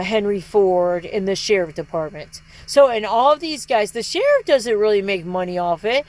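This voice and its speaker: Woman ranting on camera, cursing a lot, rambling all over, voice spikes high when she gets fired up. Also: a little mellow, poor audio. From Michigan, United States. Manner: profane, heated, jumps between thoughts; breaks into short laughs, pitch leaps up when agitated. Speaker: video blogger. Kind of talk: rambling monologue rant.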